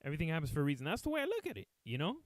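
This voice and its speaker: A man's voice: a little high, huge pitch swings, racing, no echo. A man, a comedian, telling a rambling, profane story casually to his live chat. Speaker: comedian and streamer.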